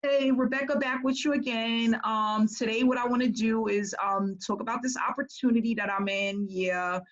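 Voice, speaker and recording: A woman voicing a young saleswoman who talks in a hesitant monotone with no enthusiasm, as if she does not believe her own pitch. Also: moderate pace, dull audio, close to an everyday voice. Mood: flat, bored. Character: flat unenthusiastic young woman making sales videos.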